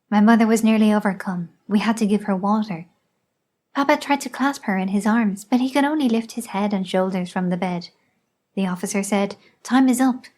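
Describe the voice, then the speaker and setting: A woman reading a memoir aloud in scripted narration, measured and even. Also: mid-range voice. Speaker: audiobook reader.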